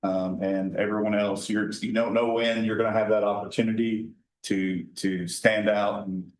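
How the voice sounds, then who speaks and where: A man on a city council giving earnest, halting praise at a council meeting. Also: lowish voice, flat delivery, reverberant, poor audio. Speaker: council member.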